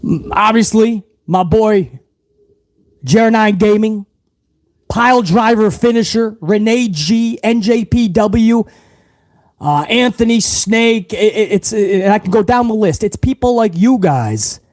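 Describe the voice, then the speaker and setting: Loud, brash, and foul-mouthed, a man rants unfiltered at his viewers on a live wrestling talk stream. His voice is unusually high for a man, unhurried, and sounds close and bone-dry with no room sound.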